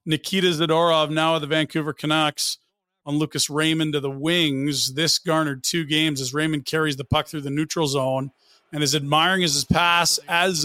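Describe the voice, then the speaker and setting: A man's voice: fairly high pitch, pushed and bright. A man hosting a hockey podcast, upbeat and teasing as he sets up clips. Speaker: podcast host. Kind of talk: casual sports talk.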